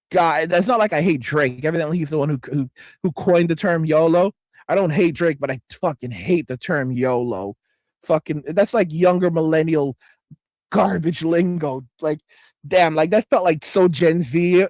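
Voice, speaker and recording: A man's voice: a little high, dry recording. A man in his forties hosting a livestream, talking bluntly and profanely in a rambling way, with frequent restarts. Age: 40s. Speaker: livestream host. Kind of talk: casual ranting livestream.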